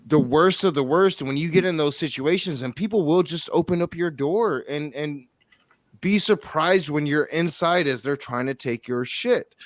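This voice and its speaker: Halting, earnest man from Michigan. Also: fairly high pitch, dry recording. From Michigan, United States. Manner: halting, many restarts, earnest ranting. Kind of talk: casual chat.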